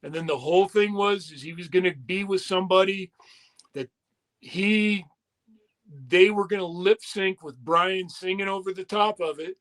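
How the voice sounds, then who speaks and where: A man's voice: high voice, normal speed. Profane older man telling wrestling stories. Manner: profane, animated anecdotes with quoted voices. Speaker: retired wrestler and musician, guest. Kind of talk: casual storytelling interview.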